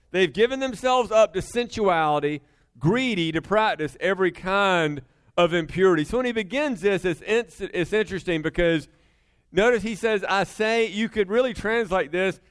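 A man's voice: high voice, fairly bright tone, clear, resonant tone. A middle-aged man preaching a sermon, emphatic and conversational, often turning to the congregation with asides. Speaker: pastor.

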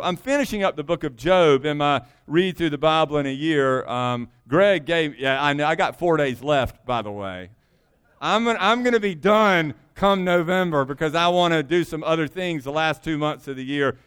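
A man's voice: high-pitched, fairly bright tone, clean tone. A man preaching a sermon in a conversational way, with emphatic asides. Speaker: pastor.

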